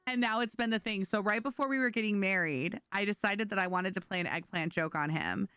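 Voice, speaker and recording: A woman's voice: mid-range voice, fairly quick, a bit bright, clear, resonant tone, no room sound. A woman streamer chatting casually with her viewers while playing, telling stories and laughing often. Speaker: game streamer. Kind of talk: casual livestream chat.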